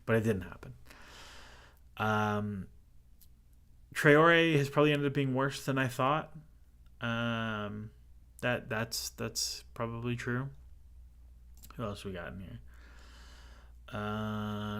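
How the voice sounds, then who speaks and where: Man, from Canada, podcast host, casual football chat, rambling, lowish voice. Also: takes it slowly, vocal fry, pauses often, a bit bright. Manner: rambling, chatty storytelling with fillers.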